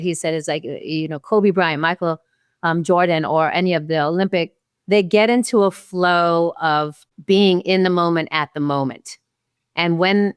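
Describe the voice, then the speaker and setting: A woman in her sixties, a podcast guest, telling a story and acting out her own past thoughts with lively energy. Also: lowish voice, smooth, no room sound, clean studio sound. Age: 60s. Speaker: podcast guest, martial arts champion. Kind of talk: storytelling in an interview.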